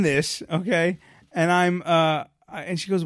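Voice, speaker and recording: A man telling a long, self-deprecating story on a casual podcast, full of rambling fillers and restarts. His voice sits a bit high for a man. The sound is close and dry. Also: moderate pace, dry recording. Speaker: podcast co-host.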